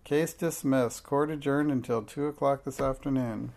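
A man's voice: mid-range voice, fairly even intonation, vocal fry, a little mellow, lightly acted. A man reading a formal, stern but fair old male judge in a children's story. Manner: formal, measured courtroom speech.

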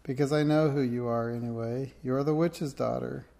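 A man reading aloud and voicing a bold, suspicious schoolboy bully in a loud, challenging way. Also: mid-range voice, fairly even intonation, normal speed, gravelly, natural voice. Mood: defiant.

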